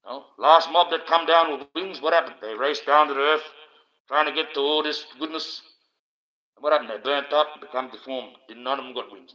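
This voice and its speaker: A man with an Australian accent rants crudely on a livestream, swearing almost every line and tripping over restarts as he circles his points. His voice is tense and cutting, pitched around the middle for a man. The stream audio is dull and lo-fi. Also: bright, forceful tone. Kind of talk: rambling profane rant.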